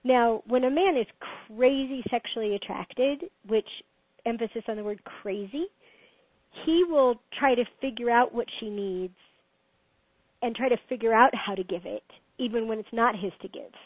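A middle-aged woman giving relationship advice in an animated, casual way, laughing often. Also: a little high, moderate pace, no room sound. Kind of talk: casual conversation. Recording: dry tinny phone-like sound.

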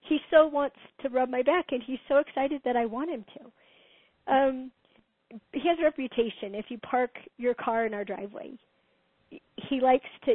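Animated middle-aged woman giving advice, kinda high voice, tinny dry sound like a phone line. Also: dry recording. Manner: animated, laughs often, emphatic advice-giving. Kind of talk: casual conversation.

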